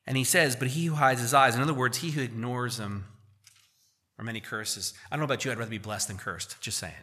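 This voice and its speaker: A man, a pastor, preaching a sermon in a church, reading verses slowly and explaining them in casual asides. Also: medium pitch, sharp tone.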